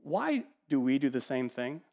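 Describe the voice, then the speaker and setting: Animated preacher man in a reverberant church. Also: medium pitch, normal speed, vocal fry. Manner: animated, acts out quoted voices, swings from loud to hushed. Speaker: pastor. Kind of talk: sermon. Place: church sanctuary.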